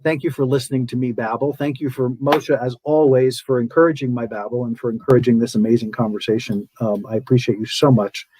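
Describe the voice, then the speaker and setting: A man's voice: medium pitch, steady tone, a little fast, hardly any pauses, background noise. A man hosting a podcast, talking casually and animatedly, acting out his inner voice and repeating words for emphasis. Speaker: podcast host. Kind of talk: casual spiritual talk.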